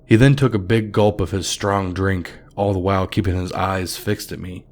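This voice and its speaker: Man, very deep voice, scripted horror narration, measured, somber. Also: fairly even intonation, a little mellow.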